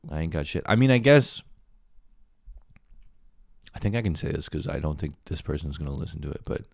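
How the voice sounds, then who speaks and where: A man's voice: rumbling low, expressive, a little fast, gravelly, no room sound, studio quality. A young man hosting a solo podcast, rambling and swearing with self-mocking laughs. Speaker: podcast host. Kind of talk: solo comedic podcast rant.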